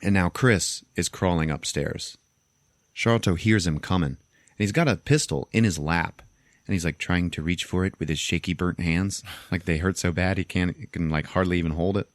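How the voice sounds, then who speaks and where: A man hosting a podcast, casually retelling a movie plot with animated storytelling and frequent swearing. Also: low-pitched, normal speed, no room sound. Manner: animated storytelling, acts out quotes, swears freely. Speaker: podcast host.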